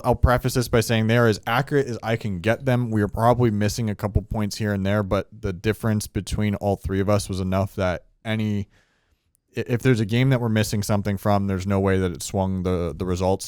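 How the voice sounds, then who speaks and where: Man, sports podcast host, low smooth voice, dry studio sound, chatty with restarts. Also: a little mellow, no room sound. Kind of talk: casual sports chat.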